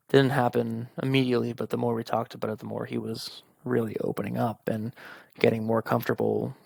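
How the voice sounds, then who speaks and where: Young man with a gravelly voice. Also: medium pitch, no echo. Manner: candid and informal, swears, quotes friends. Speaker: podcast host. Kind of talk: personal monologue.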